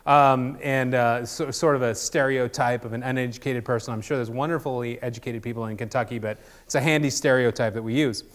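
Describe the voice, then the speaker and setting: A man's voice: medium pitch, steady tone, a little fast, few pauses. A man preaching a casual sermon, conversational and jokey, with many ums and restarts. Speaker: pastor.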